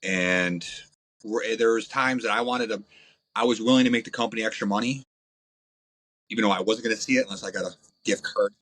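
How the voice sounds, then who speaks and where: A man, a podcast guest, telling crude, blunt stories in a casual, animated way. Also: on the low side, a little fast, no echo, poor audio. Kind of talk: profane casual storytelling.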